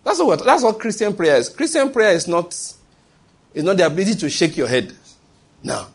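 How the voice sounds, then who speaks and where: A male preacher delivering a sermon in a husky voice. He speaks with emphasis and often throws a question to the congregation before answering it himself. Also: high voice, big pitch swings, moderate pace.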